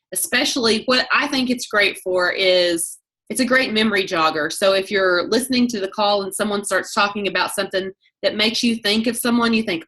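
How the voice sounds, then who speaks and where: A woman with a bright, forceful voice leads a sales team training call. She talks fast and chatty, cuts herself off, and restarts her sentences as she goes. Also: mid-range voice. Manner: fast, chatty, self-interrupting. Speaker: network marketing team leader.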